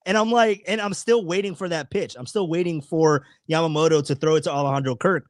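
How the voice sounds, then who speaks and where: A man hosting a live sports talk stream, telling a story in a rambling, animated way, swearing and restarting often. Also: fairly high pitch, brisk, no room sound, studio quality. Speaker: podcast host. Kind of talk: casual live-stream chat.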